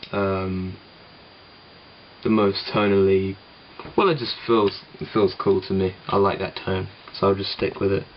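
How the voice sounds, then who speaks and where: Low, flat-voiced man rambling about his guitar. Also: highs cut off, a little hiss or hum. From England. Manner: rambling, self-deprecating, many ums. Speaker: musician explaining his song. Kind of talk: casual home tutorial. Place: home room with guitar gear.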